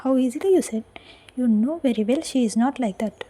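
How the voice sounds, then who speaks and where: A pushy young friend who prods and needles with sarcasm, as a woman reading the story puts the friend on. The voice is soft and breathy, close to a whisper, with a fairly high pitch. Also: fairly quick. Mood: pressing.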